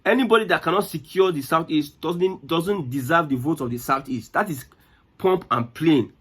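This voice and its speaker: A man's voice: on the high side, normal speed, husky. A Nigerian man giving impassioned political commentary, indignant, firing rhetorical questions and repeating phrases. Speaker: news commentator.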